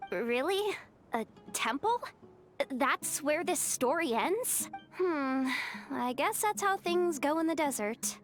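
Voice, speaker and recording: A bubbly high-voiced companion. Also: female voice, lively intonation, takes it slowly, soft background music. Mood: musing.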